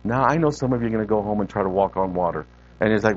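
Animated male preacher, dull recording. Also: on the low side, rapid-fire. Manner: animated, repeats words for emphasis, conversational asides to the congregation. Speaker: guest preacher. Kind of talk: sermon. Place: church.

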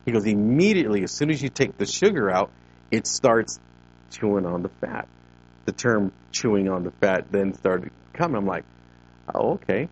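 A man's voice: lowish voice, animated, moderate pace, poor audio. A man in his fifties, a ministry leader, telling a personal story to a group in a gym, acting out the conversations he recalls. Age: 50s. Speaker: ministry leader giving a talk. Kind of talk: personal testimony talk to a group. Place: CrossFit gym.

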